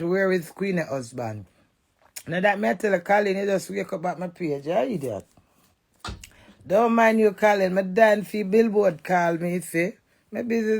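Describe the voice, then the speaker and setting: A woman's voice: mid-range voice, creaky, a little mellow. A woman with a Jamaican accent in a brash, fiery, swearing rant. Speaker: social media personality. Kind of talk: ranting monologue.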